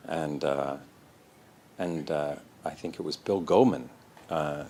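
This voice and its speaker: A man, a guest in an interview, telling animated, self-deprecating stories and acting out the voices. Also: rumbling low, takes it slowly, slight background noise. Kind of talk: anecdotal storytelling in an interview.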